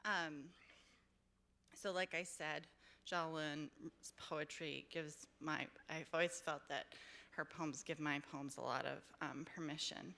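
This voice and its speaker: A woman's voice: sits low, fairly even intonation, slow, vocal fry, sharp tone. A woman poet giving a live reading, effusive and self-deprecating in her hesitant chat between poems. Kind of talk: live poetry reading with chatty asides. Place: public library event room.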